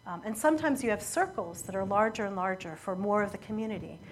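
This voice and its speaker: A woman preaching a sermon, telling a story in an earnest, measured way that often falls quiet at emotional moments. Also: medium pitch, lively intonation, slight background noise.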